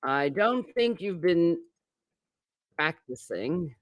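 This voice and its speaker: Slow-speaking man teaching English grammar. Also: a little high, big pitch swings, fairly bright tone, no room sound, studio quality. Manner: patient explaining with many examples and fillers. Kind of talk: recorded grammar lesson.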